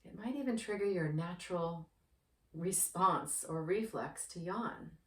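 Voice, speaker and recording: A woman who works as a yoga therapist, guiding a breathing practice in a slow, gentle, soothing manner. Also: lowish voice. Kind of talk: guided breathing instruction. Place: indoor room with yoga mat. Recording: roomy, distant from the mic.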